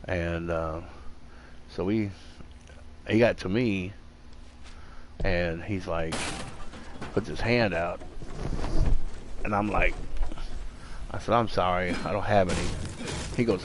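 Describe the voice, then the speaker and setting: Low-voiced man rambling while gaming. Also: background noise. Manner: rambling, halting, many fillers. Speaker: gaming streamer. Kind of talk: casual chat while gaming. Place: home room.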